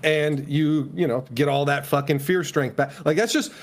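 A man in casual group chat, enthusiastic and halting, restarting his sentences. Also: a little high.

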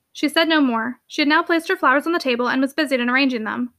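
A woman narrating a classic novel aloud with a brisk, expressive reading. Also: sits high, no room sound, clean studio sound. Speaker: audiobook narrator.

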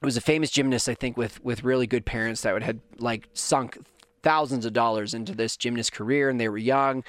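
An animated man in his thirties from Canada tells a personal story to his viewers, chatty and self-deprecating. His voice sits at a medium pitch and is recorded close with a dry sound. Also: brisk, no echo.

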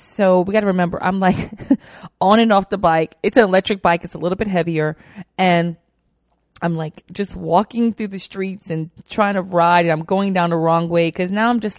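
A young woman telling a personal story in a chatty, animated way, full of fillers. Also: fairly low pitch, no room sound, clean studio sound. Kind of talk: casual storytelling.

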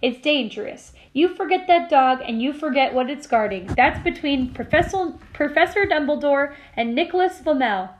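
A woman reading aloud, voicing a gruff, secretive giant groundskeeper in a storybook. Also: sits high, lively intonation, normal speed, few pauses. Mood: gruff, insistent. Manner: gruff, insistent.

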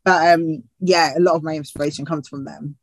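A woman's voice: low-pitched, steady tone, fairly quick, no echo, poor audio. A woman TV presenter and actor from the UK, chatting in an interview with frequent laughs and restarts. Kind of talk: casual interview chat.

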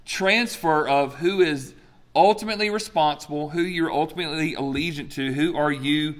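A man's voice: on the high side, moderate pace. A man preaching a sermon as pastor, talking conversationally and often checking in with the room. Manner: conversational, checks in with "okay?" and "folks"; animated storyteller.

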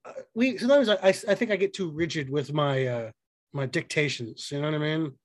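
Man, podcast co-host, slightly high voice, rambling jokey chat, dry sound. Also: a little fast, no room sound. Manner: rambling, joking, swears casually. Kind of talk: casual chat.

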